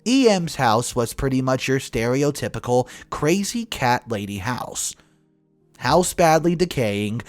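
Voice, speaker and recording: A man narrating a family drama story in a scripted, expressive way, swinging between flat and emphatic delivery. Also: mid-range voice, no room sound.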